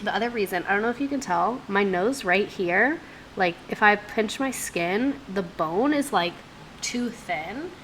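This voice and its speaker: Fast-talking woman, gasping for air. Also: medium pitch, expressive, a bit bright, a little hiss or hum, low-quality recording. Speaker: streamer host. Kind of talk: casual live-stream chat. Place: home streaming setup.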